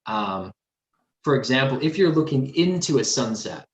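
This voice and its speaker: A man with a softened city Australian accent, a guest art instructor answering live questions with meandering, thoughtful explanations full of fillers. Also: mid-range voice, expressive, normal speed, reverberant, slight background noise. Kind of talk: live painting demo Q&A.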